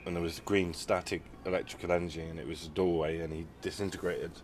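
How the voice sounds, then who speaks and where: A man's voice: sits low, little pitch movement, fast, a little hiss or hum. A man hosting a podcast, talking in a rambling casual way with many restarts. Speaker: podcast host. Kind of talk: casual conversation.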